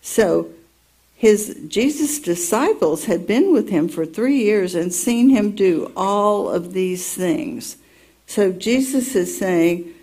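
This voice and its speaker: Slow, mellow-voiced woman teaching scripture. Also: lowish voice, husky. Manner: slow, earnest storytelling with personal asides. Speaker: Bible teacher. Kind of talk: Bible teaching, reading scripture aloud.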